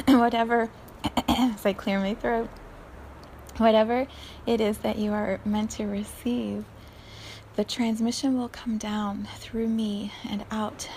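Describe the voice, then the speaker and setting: Woman podcast host, unhurried, hushed and breathy, spiritual talk, faint background hum. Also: fairly high pitch. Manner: slow, soft, often breathy and near-whispered, with frequent laughs.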